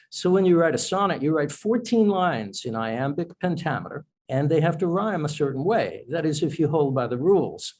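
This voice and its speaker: A man's voice: on the high side, big pitch swings, normal speed, few pauses, darkish tone, rough recording. A man, an author, speaking as a guest in a podcast interview, explaining in a thoughtful, self-correcting way.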